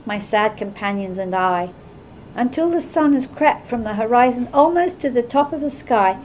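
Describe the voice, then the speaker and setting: A woman author giving a measured, expressive reading of her own novel. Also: on the high side, slight background noise, poor audio. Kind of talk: literary reading aloud.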